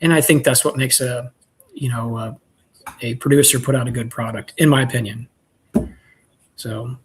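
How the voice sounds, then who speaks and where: A man who keeps bees, telling a story in relaxed, rambling chat and clearing his throat often. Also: mid-range voice, moderate pace, slight background noise. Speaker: beekeeper selling nucleus colonies.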